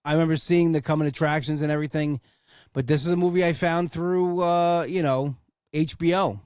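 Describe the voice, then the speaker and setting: A young man chats on his own podcast in a loose, rambling way and swears when he gets excited. His voice sits a bit high for a man. The sound is close and dry, with no room around it. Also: a little fast, smooth, dry recording. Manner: enthusiastic, rambling, swears for emphasis. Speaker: podcast host. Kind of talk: casual solo podcast chat.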